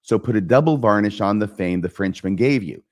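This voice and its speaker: A man's voice: on the low side, brisk, darkish tone, natural voice. A man reading a scheming king's verse lines aloud in a plain reading voice. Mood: persuasive. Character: scheming middle-aged male king, persuasive.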